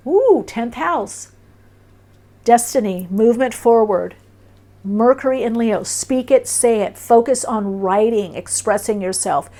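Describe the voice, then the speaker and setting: A woman's voice: on the high side, unhurried, dark tone. A woman doing an intuitive tarot reading, musing aloud in short, dreamy phrases. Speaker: tarot reader. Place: indoors, off camera.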